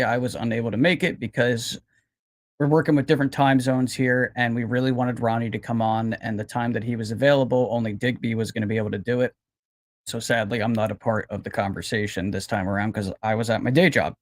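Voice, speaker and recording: A man co-hosting a podcast, casually explaining show details in a relaxed, friendly way. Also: on the low side. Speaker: podcast co-host.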